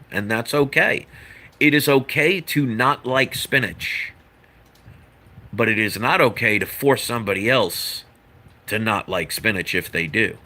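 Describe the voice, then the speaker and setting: Man, earnest lecturing monologue, bright forceful tone, rambling asides. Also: lowish voice. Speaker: vlogger. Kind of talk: opinion monologue to camera.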